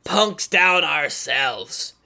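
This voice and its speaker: A man doing a gruff guard captain. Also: fairly high pitch, expressive, drawn-out words, sharp tone, heavily acted.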